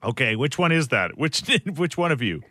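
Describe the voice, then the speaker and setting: Male co-host, animated pitch, dry studio sound, playful and laughing. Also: normal speed, no room sound. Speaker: radio podcast co-host. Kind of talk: casual chat and call-in game hosting.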